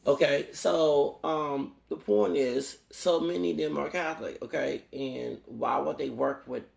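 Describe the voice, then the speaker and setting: Gravelly man ranting in an echoey room. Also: fairly high pitch, fairly even intonation, measured pace, darkish tone. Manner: rambling and preachy, quoting Bible verses and asking "okay?". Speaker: YouTuber. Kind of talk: ranting vlog monologue. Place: home in Houston.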